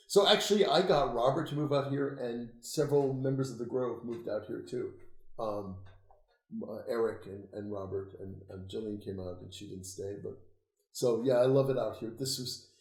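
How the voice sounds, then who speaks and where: An older man being interviewed about his life, telling stories in a lively way, laughing and swearing freely. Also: medium pitch, moderate pace. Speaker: interview guest, occultist author. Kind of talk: casual storytelling conversation. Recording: roomy echo.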